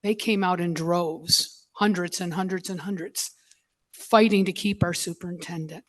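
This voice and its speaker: A school board member, a woman, speaking at a public meeting in an emotional, halting way, choked up and apologizing as she goes. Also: fairly low pitch, fairly even intonation.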